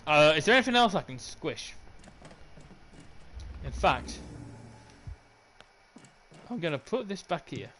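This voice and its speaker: Slow-talking bright-voiced gamer guy. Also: fairly high pitch, very animated, a little hiss or hum. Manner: joking, sarcastic asides; reads in-game notes aloud. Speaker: gaming channel host. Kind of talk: let's play commentary.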